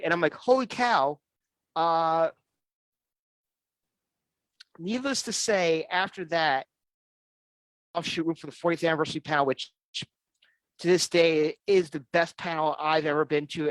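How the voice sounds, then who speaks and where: The host of an online fan show talks in a rambling, eager, casual way, repeatedly restarting what he says. His pitch is fairly high, and the recording is dry.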